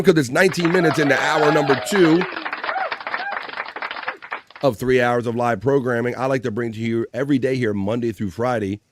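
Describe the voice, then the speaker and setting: A man's voice: medium pitch, a little hiss or hum. A man hosting a casual daily live show, upbeat and reading viewer comments aloud. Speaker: livestream host. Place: home studio.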